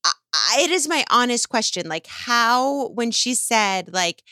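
A middle-aged woman talks with real emphasis, poking fun at herself as she goes. Her voice is crisp and resonant, and the recording is close and dry. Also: fairly high pitch, unhurried, dry recording. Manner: emphatic, animated, self-mocking. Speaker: podcast co-host. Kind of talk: casual chat.

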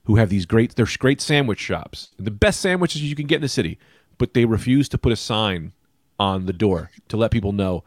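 A man hosting a podcast in casual comedian chat, animated and profane, jumping into loud mock voices. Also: fairly low pitch, moderate pace, dry recording, clean studio sound. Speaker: podcast host.

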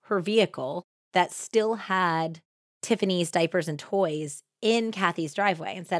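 A woman with a fairly low voice recounts a true crime case for her podcast. She talks casually and jumps up in pitch when she acts out what people said. The sound is dry and close, with no room around it. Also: a little slow, no echo. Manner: conversational, animated when acting out quotes. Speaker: podcast host.

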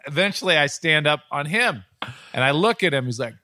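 A man's voice: on the high side, animated, a little fast, sharp tone, no echo, studio quality. A middle-aged man, a podcast host and sports broadcaster, telling long, rambling anecdotes in casual chat.

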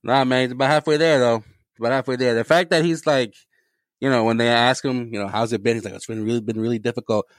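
A man's voice: mid-range voice, fairly even intonation, fast talker, no room sound, studio quality. A man co-hosting a podcast, riffing animatedly and swearing freely in casual sports chat. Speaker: podcast co-host.

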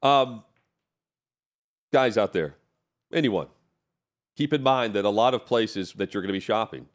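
A man with a low-pitched voice co-hosts a talk radio show. He chats with his partner and reads an ad in an easygoing manner, drawing his phrases out. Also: measured pace, long pauses. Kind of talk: casual sports radio chat and live ad read.

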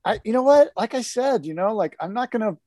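A man co-hosting a podcast, chatting casually about surfing in an animated, rambling way with many fillers. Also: high-pitched, brisk, no echo. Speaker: podcast co-host. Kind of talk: casual surf talk chat.

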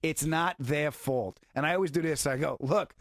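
A man's voice: a little high, moderate pace, no echo. A man, a comedian guest, chatting casually and acting out exchanges as he tells stories. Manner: animated storyteller acting out exchanges. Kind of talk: casual chat.

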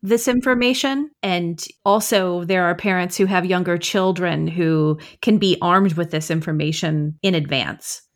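A woman's voice: fairly low pitch, a little slow, hardly any pauses. A woman hosting a podcast, a parent herself, asking conversational questions. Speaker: podcast host. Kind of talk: podcast interview.

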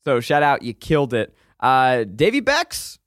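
A man's voice: mid-range voice, huge pitch swings, measured pace, fairly bright tone, no echo, studio quality. A man co-hosting a casual movie podcast, leading the talk and telling stories with emphasis. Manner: emphatic, storytelling, leads the segments. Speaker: podcast co-host.

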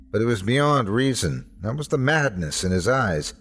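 A man's voice: mid-range voice, big pitch swings, moderate pace, hardly any pauses, fairly bright tone, husky. A man hosting and narrating a scripted horror story in a tense, dramatic first-person telling. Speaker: host and narrator.

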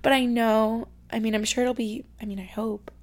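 A young woman from New York State chatting casually as a podcast host, full of "like" fillers and sometimes dropping into soft, whispery asides. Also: a little high, flat delivery, moderate pace. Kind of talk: casual chat. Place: her bedroom.

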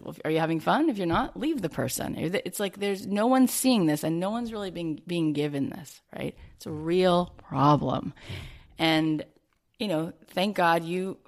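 A woman's voice: fairly low pitch, gravelly. A woman hosting a conversational interview, telling stories animatedly and acting out remembered dialogue. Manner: animated storytelling, retelling dialogue. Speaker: podcast host.

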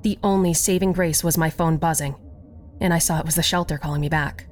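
A woman narrating a first-person horror story in an expressive, scripted reading. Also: low-pitched, fairly quick, soft background music.

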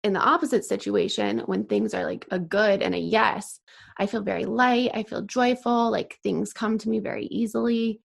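A woman's voice: mid-range voice, steady tone, moderate pace, gravelly. A young woman hosting a solo podcast, chatty with many fillers and sighs, a bit out of breath. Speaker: podcast host.

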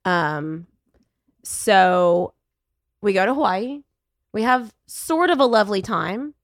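A middle-aged woman as a podcast guest, telling her story in wry, animated casual conversation and acting out the voices of the people she quotes. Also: mid-range voice, takes it slowly, no room sound, clean studio sound.

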